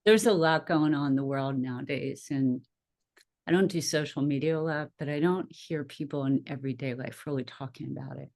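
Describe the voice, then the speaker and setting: A middle-aged woman with a low-pitched voice tells her story as a podcast guest. She talks in a chatty, lively way, laughing often and acting out her own past reactions. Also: brisk, gravelly. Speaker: podcast guest, nurse and minister. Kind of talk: casual interview storytelling.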